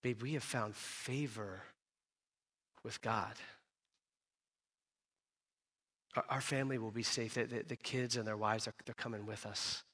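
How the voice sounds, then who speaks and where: A man doing a heartbroken old patriarch in a retold scripture story, speaking lower and quieter. He reassures softly and patiently, with a bright edge left in the tone. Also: fairly even intonation, measured pace. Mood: gentle. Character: heartbroken, gentle patriarch Noah, older man.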